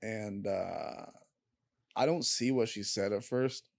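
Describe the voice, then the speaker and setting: A young man, a podcast guest, telling a painful personal story in a candid, halting way and swearing freely. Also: lowish voice, vocal fry, no room sound, clean studio sound. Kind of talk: casual storytelling.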